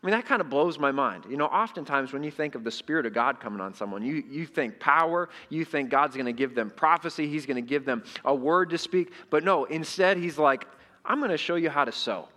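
A man's voice: a little high, expressive, a little fast, few pauses, sharp tone. A middle-aged male pastor preaching a sermon in a conversational way, often asking the congregation questions. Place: church sanctuary. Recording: echoey hall.

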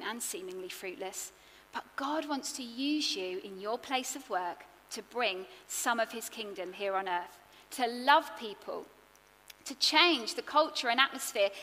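A woman preaching a sermon, earnest and expressive, building her points in rhythmic lists. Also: fairly high pitch, unhurried, long reverb tail, slight background noise.

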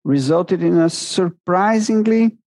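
A man delivers an academic lecture in English, measured and deliberate, pausing to correct himself. His voice sits a touch high for a man, with a gravelly, husky grain throughout. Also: a little mellow. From Brazil. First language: Portuguese. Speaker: guest speaker at an academic seminar.

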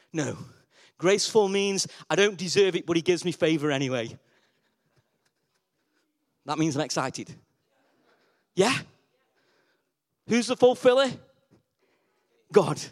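A man preaching a lively sermon, asking the congregation questions and repeating his key words for emphasis. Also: sits high. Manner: call-and-response questions, emphatic repetition.

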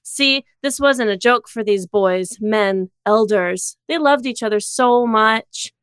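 Deadpan woman reading aloud. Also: on the high side, takes it slowly, clear, resonant tone, dry recording, clean studio sound. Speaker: co-host reading fan fiction.

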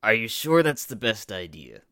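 A man's voice: lowish voice, big pitch swings, moderate pace, pushed and bright, clear, resonant tone, no echo. A man playing a tabletop game, speaking in a dry, wry way. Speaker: player. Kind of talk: casual tabletop play.

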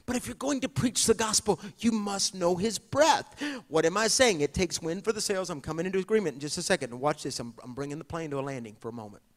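A man preaching a sermon as pastor, swinging from hushed asides to shouted preaching. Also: on the high side, animated, quick pace. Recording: long hall reverb.

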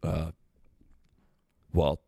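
A man's voice: extremely slow, mellow, no echo, clean studio sound. A man co-hosting a podcast in casual chat, rambling playfully and making confident predictions. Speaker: podcast co-host.

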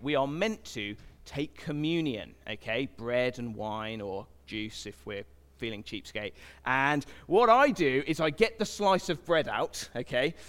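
A man's voice: a little high, a bit bright. A man preaching a sermon in a church, chatting with the crowd and asking it questions. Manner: conversational, asks the crowd questions. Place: church hall. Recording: long hall reverb.

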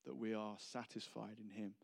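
A man's voice: lowish voice, fairly even intonation, moderate pace, creaky. A man preaching a casual, humorous sermon, rambling and self-deprecating between anecdotes.

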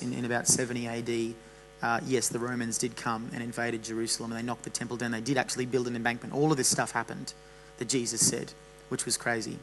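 A man preaches in a relaxed, animated way, joking and restarting his sentences as he goes. His voice sits at an ordinary middle pitch. A faint mains hum runs under the recording. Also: rough recording. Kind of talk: sermon.

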